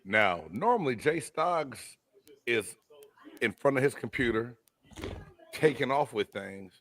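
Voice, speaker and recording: A man hosting a casual live sports chat, loud and joking with his co-hosts. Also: mid-range voice, animated, slow. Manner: loud, hyped, joking banter. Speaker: host.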